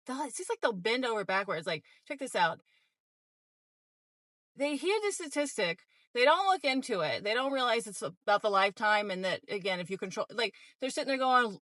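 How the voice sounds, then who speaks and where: A woman's voice: medium pitch, expressive, normal speed, sharp tone, dry recording. A woman vlogger giving casual commentary in a frank, rambling way, full of fillers.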